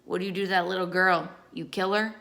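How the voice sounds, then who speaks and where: A woman's voice: lowish voice, fairly even intonation, fast talker, creaky. Woman doing a huge enraged teen boy. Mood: furious. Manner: blunt, broken shouted questions.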